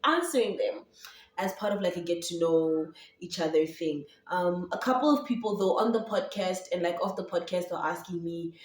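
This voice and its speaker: A young Zambian woman with a Setswana-tinged English accent talks at a moderate pace in a lowish voice. She's a YouTuber and podcaster rambling through a casual vlog chat, chatty and full of fillers and restarts. The recording sounds roomy and echoey, her voice coming from a distance, off-mic.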